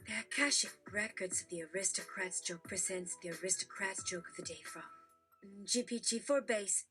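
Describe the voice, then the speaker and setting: A woman reading jokes aloud in a brisk, matter-of-fact narrating manner. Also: mid-range voice, pushed and bright, soft background music. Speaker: joke reader.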